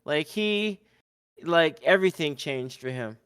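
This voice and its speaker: A man on a podcast, talking slowly in a clean, smooth voice with a slightly higher pitch. He recaps wrestling in casual chat, animated and quick to laugh, and he often acts out the wrestlers' lines. The sound is dry and close. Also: dry recording. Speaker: podcast co-host.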